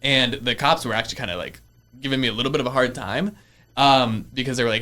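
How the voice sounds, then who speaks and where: A young man in his early 20s, a real estate investor appearing as a guest, tells stories in a bright, medium-pitched voice and talks fast. It's a casual storytelling interview in a podcast studio, and he's chatty, laughs often, and uses lots of fillers.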